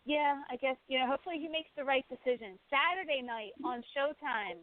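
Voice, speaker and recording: A woman's voice: high voice, brisk. Blunt, opinionated woman talking boxing. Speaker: boxing show co-host. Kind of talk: casual sports chat. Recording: tinny phone-like sound.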